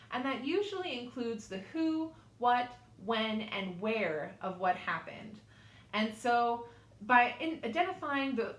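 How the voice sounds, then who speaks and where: A woman with a slightly high voice teaches an online class, speaking informally and personally, with fillers and small asides. The sound is roomy, with echo from the small studio around her. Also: bright, forceful tone. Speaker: instructor.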